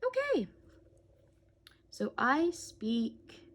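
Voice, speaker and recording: A woman's voice: high voice, huge pitch swings, extremely slow. A woman giving casual, rambling gameplay commentary as a let's play host, humming to herself between remarks. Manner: rambling, chatty, hums to herself.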